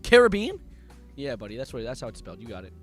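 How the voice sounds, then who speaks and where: A man's voice: lowish voice, racing, darkish tone, soft background music. A young man live-streaming, reacting to documents he reads aloud with sarcastic, mocking asides.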